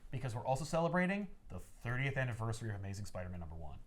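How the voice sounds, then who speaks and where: A man hosting a casual comic podcast chat, animated and swearing as he acts out scenes. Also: medium pitch, very fast, a crowd in the background.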